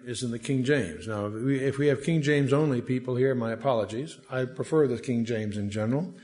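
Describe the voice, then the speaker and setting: This Bible teacher talks fast with hardly any pauses, his mid-pitched voice a little mellow. His lecture is conversational and digressive, dotted with asides, and he reads scripture in a lifted voice.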